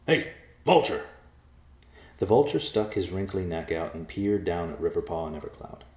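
A man narrating a storybook aloud in an expressive way. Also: low-pitched, brisk. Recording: roomy echo.

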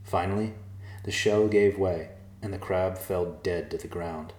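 A man narrating a fantasy story in a steady, measured reading. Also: low-pitched, echoey room.

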